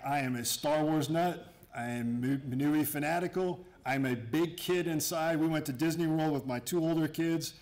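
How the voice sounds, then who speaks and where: A middle-aged man, an Army garrison commander, giving an informal, joking talk to his workforce in a room, full of asides and restarts. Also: mid-range voice. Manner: joking and sarcastic; conversational, with frequent asides and restarts. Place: room with an audience.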